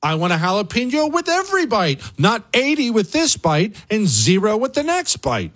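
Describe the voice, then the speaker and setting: Animated, exasperated male radio host. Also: moderate pace. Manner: animated, exasperated, mock-outraged, swinging pitch. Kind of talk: comic rant on talk radio.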